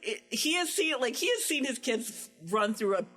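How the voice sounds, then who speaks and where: Co-host: middle-aged woman, lively storyteller who acts out quotes, with faint music behind her. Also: a little high, normal speed, poor audio. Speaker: podcast co-host. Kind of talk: casual chat.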